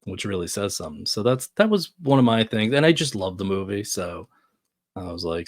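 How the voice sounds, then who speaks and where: A man's voice: lowish voice, very animated, brisk, no echo, studio quality. A man joining as a guest in a casual movie chat, talking in a laid-back way that trails off.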